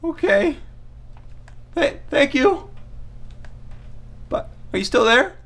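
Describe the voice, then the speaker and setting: A man voicing a timid, groveling young nerd in a high, meek, pleading voice for a comedic improv bit. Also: expressive, slow, gravelly, fairly bright tone, full character voice.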